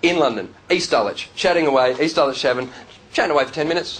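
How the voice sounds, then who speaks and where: A man with an Australian accent doing stand-up comedy, telling stories in a chatty, quick manner on a club stage. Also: on the high side, breathy edge. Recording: live club with loud crowd.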